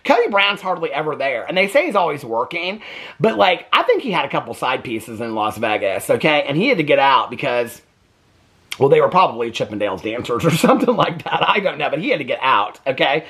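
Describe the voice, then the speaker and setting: A man's voice: fairly high pitch, big pitch swings, brisk, fairly bright tone, husky. Guy ranting about a reality show, sarcastic, chatty, laughs a lot, keeps going "okay?". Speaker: reaction channel host. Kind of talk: casual reaction commentary.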